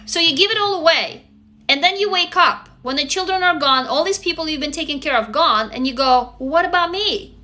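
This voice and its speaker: A woman in her forties speaks on a casual live stream in a high, bright voice. She talks frankly and emphatically and swears freely. Between points she reads out and answers her viewers' comments. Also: fairly quick. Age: 40s. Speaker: live stream host leading a writing group.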